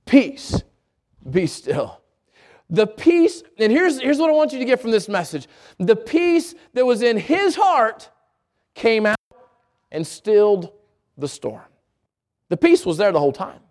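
A middle-aged pastor preaching a sermon, telling a personal story and then reading scripture, rising to shouts for emphasis. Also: male voice, very high-pitched, big pitch swings, measured pace.

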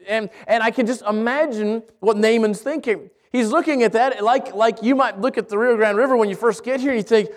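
A man preaching a sermon, reading scripture and telling a story with lively asides and frequent restarts. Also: high-pitched, fairly quick, hardly any pauses. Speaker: pastor. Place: church in Albuquerque.

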